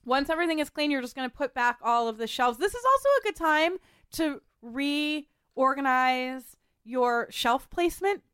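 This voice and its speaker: A woman's voice: high voice, expressive, normal speed, a bit bright, no room sound, studio quality. A woman hosting a casual podcast, giving practical cleaning tips in a chatty way with frequent laughs.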